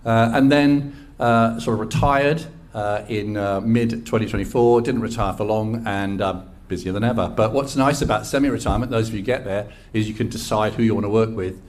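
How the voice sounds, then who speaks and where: Brisk and barely pausing, a man in his sixties talks in a fairly low, steady, darkish voice. He's from England with a West Country accent, and as an ecosystem engagement lead he gives an enthusiastic, chatty, self-deprecating talk to a live crowd at an event.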